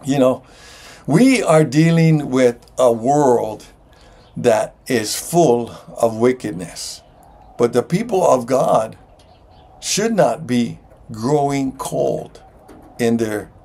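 A man preaching a sermon as pastor, slow and emphatic, with sudden jumps in pitch. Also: animated, creaky, dark tone.

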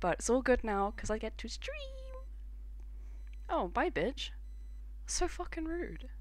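A young British woman streaming a video game, giggling often and swearing in animated, casual commentary at a close mic. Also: high voice, slow.

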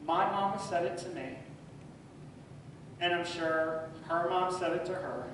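A middle-aged male pastor with a high voice tells a sermon story, swinging between loud and hushed. He sounds distant from the mic, and the sound rings around a very reverberant church. Faint noise sits behind him. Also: flat delivery, a little slow. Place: church sanctuary.

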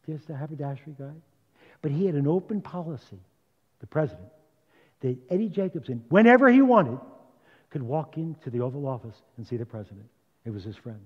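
Rabbi in his seventies, male, sermon storytelling with sudden volume swings; slightly high voice, captured dull in a reverberant sanctuary. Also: breathy edge. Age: 70s. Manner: dramatic storytelling with sudden loud and hushed swings. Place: congregation's sanctuary. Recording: dull, with long hall reverb.

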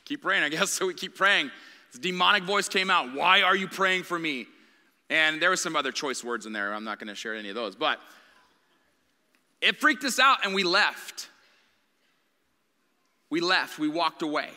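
Bright-voiced man preaching in a reverberant church. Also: fairly high pitch, animated, normal speed, long pauses. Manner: candid, conversational preaching. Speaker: guest preacher. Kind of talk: sermon. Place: church sanctuary. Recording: long reverb of a church hall.

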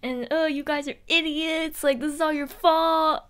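A woman's voice: high-pitched, steady tone, unhurried, a bit bright, voice pushed up. A woman imitating a hot-tempered teenage boy, complaining in a whiny, exaggerated way. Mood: angry.

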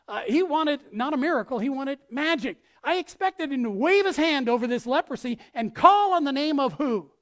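A woman pastor preaches an animated sermon in a medium-pitched voice, acting out quotes with big swings in loudness.

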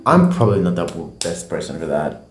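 Woman reacting to an album, swears a lot, lively pitch, echoey room with music going behind. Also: moderate pace. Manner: candid, swears freely, emotional, rambling. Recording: roomy echo with music playing. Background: album music playing.

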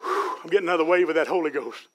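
High-voiced folksy preacher. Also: male voice, quick pace, background noise. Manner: folksy preaching, Southern US dialect, builds to shouts. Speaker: pastor. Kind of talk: sermon. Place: church sanctuary.

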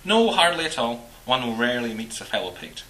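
A man voicing a charming, good-humoured young Scotsman with a Highland accent. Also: sing-song, fairly quick, bright, forceful tone, roomy sound, rough recording. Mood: friendly. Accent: Highland Scottish. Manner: easy, good-humoured banter.

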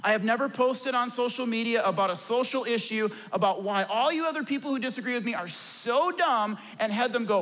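A male pastor preaching a sermon and telling stories, who drops his voice low and soft to press key points. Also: fairly quick, few pauses. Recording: long reverb of a large church hall.

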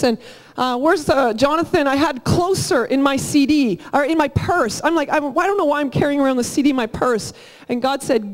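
A woman, a church leader giving announcements and telling a lively testimony in a church auditorium. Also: high-pitched. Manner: lively storytelling, quick and energetic.

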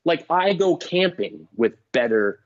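A middle-aged man, a comedian guest, telling stories in casual chat, animated and swearing, acting out voices. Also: a little high, unhurried. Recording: dull lo-fi dry sound.

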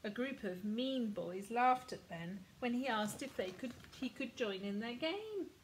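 A woman reading a children's picture book aloud in a gentle, expressive storytelling manner. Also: fairly high pitch, unhurried, slight background noise, low-quality recording. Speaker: storybook reader.

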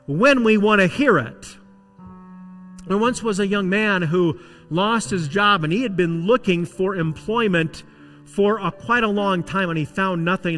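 High, bright-voiced preaching pastor. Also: male voice, in a large hall. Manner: dramatic preaching, swinging between loud emphasis and hushed tones. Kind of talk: sermon. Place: church sanctuary.

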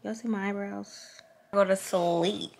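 Candid, profane woman vlogger talking slowly. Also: mid-range voice, steady tone, gravelly, darkish tone. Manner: candid and profane, drawling and loose. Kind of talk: casual vlog chat.

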